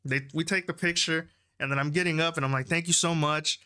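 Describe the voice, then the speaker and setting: A young man tells a concert story in a casual vlog, animated and laughing, leaping into high, excited voices when he quotes people. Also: a little fast, smooth. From Houston, Texas. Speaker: concert-going fan.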